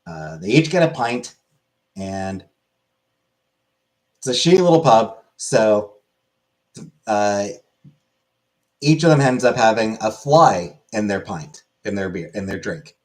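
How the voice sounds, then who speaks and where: A man's voice: on the low side, sing-song, slow pace, long pauses, a little mellow. A man hosting a casual comedic monologue, crude and irreverent, rambling between jokes.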